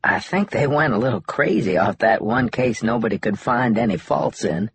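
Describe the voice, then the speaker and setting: A man voicing a wry, easygoing young man in an audiobook, in a husky, laid-back joking manner. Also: medium pitch, lively intonation, normal speed, a bit bright, dry recording, voice pushed up. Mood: relaxed, wry. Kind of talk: audiobook dialogue.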